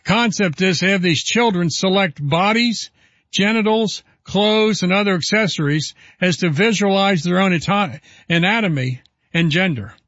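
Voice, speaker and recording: A man's voice: high voice, moderate pace, fairly bright tone, no echo. A man hosting a talk radio show, delivering an indignant, emphatic monologue and reading headlines aloud. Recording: dull lo-fi broadcast audio.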